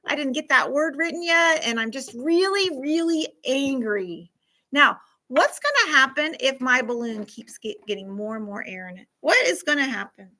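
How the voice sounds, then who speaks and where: Woman, classroom counselor type, bright and higher-pitched, animated, acts things out for kids. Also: moderate pace, low-quality recording. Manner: animated, acts out scenarios, asks the class questions. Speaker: school counselor teaching a class. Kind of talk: classroom lesson to fourth graders.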